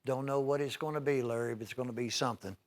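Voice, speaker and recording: A man's voice: mid-range voice, fairly even intonation, fast. Folksy man hawking knives on TV. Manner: folksy, enthusiastic, chatty salesman with many fillers. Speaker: TV shopping host. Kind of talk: live TV shopping sales pitch.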